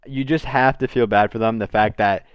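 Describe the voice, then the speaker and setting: A young man hosting a casual chat, teasing and excitable, tossing in "bro" constantly. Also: lowish voice, moderate pace, smooth, dry recording, lo-fi sound. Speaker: podcast host.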